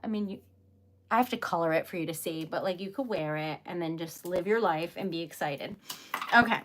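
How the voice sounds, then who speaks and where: A woman's voice: on the low side, brisk, background noise. A young woman chatting casually and giggling often on her own craft livestream, calling herself a really emotional lady. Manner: bubbly, giggly, chatty, self-described emotional. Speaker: livestream host making wax seal crafts.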